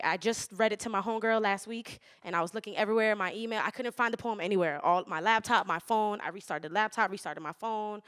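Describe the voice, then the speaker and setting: A young woman performing spoken word poetry, with rhythmic, measured recitation and loose, laughing, swearing banter between poems. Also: mid-range voice, bright, forceful tone, clean tone.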